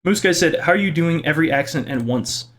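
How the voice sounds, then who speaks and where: A young man with a fairly high voice reads viewer comments aloud in a casual home video. He is playful and self-mocking, and his pitch jumps around as he jokes. He sounds like he is talking in his kitchen. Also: expressive, brisk, fairly bright tone. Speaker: YouTuber reading viewer comments.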